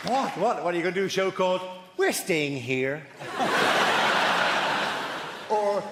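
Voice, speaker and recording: A man's voice: high-pitched, animated, slow pace. A man doing stand-up comedy on a theatre stage, chatty and mock-outraged. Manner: chatty, mock-outraged, switches into silly character voices. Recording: echoey theatre with loud crowd noise.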